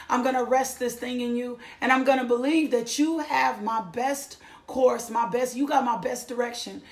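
High-voiced woman giving testimony. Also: normal speed, few pauses. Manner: emphatic, repeats phrases for effect. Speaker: testimony speaker. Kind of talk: church testimony. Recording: echoey room.

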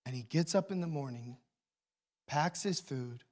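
A man preaching a sermon as pastor, telling the story with swings between hushed and loud emotional delivery. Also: a little high, unhurried.

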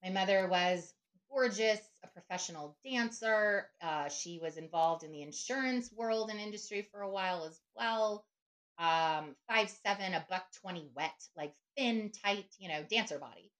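A woman's voice: medium pitch, normal speed, fairly bright tone. A middle-aged woman speaking as a podcast guest, reflective and conversational, often checking in with "right?" and "you know". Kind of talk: conversational interview.

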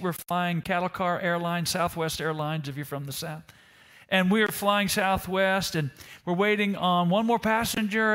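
A man's voice: sits high, a bit bright. A male pastor preaching a sermon to a congregation in Italy. He tells a personal story and keeps asking the room rhetorical questions. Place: church service in Italy.

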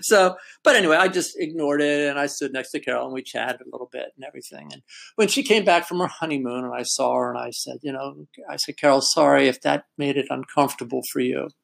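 A man's voice: mid-range voice, fast, creaky, a bit bright. An older man in casual chat, telling a family story in a reflective way and laughing now and then.

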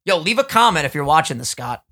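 A young man hosting a podcast in casual chat, excitable, swearing freely and laughing often. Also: on the high side, quick pace. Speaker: podcast host.

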